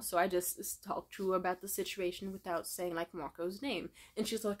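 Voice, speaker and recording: A woman's voice: lowish voice, moderate pace, hardly any pauses. A young adult woman telling a long story on her vlog in a casual, profane rant full of "like" fillers. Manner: profane, heavy filler words, animated retelling. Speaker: vlogger.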